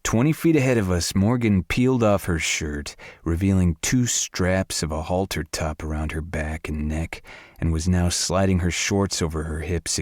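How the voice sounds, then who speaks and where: A male audiobook narrator with a very low voice, telling the story in the first person. His wry, steady reading is close and dry. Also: dry recording.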